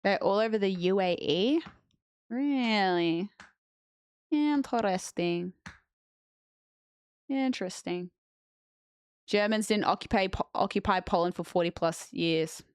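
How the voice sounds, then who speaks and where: A woman's voice: mid-range voice, moderate pace, clean tone, no room sound. A young woman streaming, chatting bluntly and jokingly with her live chat and reading messages aloud. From Australia.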